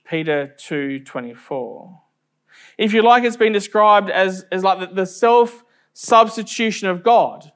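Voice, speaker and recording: A man preaching a sermon, telling stories earnestly with slow, emphatic phrasing. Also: high-pitched, smooth.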